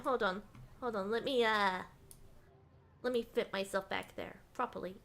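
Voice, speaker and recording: A woman's voice: medium pitch, moderate pace, pauses often, fairly bright tone. A young woman streaming a visual novel, chatting casually with playful, giggly, joking asides. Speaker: VTuber streamer. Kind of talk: casual gameplay commentary.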